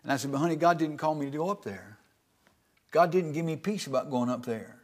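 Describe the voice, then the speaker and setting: A man's voice: a little high, lively intonation, brisk, darkish tone. Folksy preacher man calling for amens. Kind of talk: sermon testimony. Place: church.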